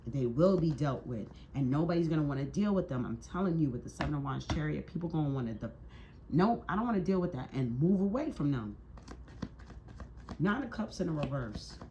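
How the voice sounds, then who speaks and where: A tarot reader in mid-pitch delivers a fired-up, scolding monologue, swearing freely and piling up repeated rhetorical questions. The tone stays preachy and emphatic throughout, with a faint hiss of noise under the voice. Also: animated, a little fast, dark tone, muffled recording.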